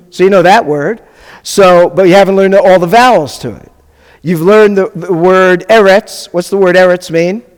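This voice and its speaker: A rabbi teaching a beginners' Hebrew class, patiently sounding out syllables and checking that the class is following. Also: male voice, high voice. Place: congregation classroom or hall. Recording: long reverb of a hall.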